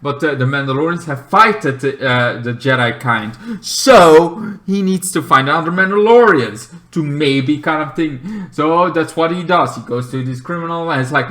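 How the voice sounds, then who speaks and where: A man hosting a casual show-review vlog. He is excitable and swears freely, breaking into loud shouts. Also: on the high side, measured pace, few pauses. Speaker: TV show reviewer and channel host.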